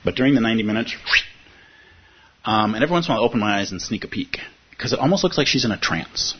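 A man giving a reflective dharma talk as a Buddhist teacher, earnest, with pauses and fillers. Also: lowish voice, expressive, slightly rough. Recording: dull lo-fi recording with faint hiss.

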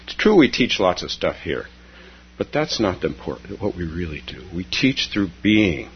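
A man teaching as a Zen teacher in a gentle, storytelling dharma talk, repeating key phrases softly. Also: deep voice, very animated, moderate pace, breathy edge, lo-fi sound.

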